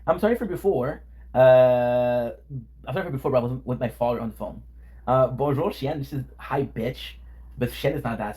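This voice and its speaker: A man's voice: medium pitch, darkish tone, breathy edge. A man streaming from his home kitchen, chatting casually with viewers in a playful, teasing, joking way. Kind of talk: casual live-stream chat.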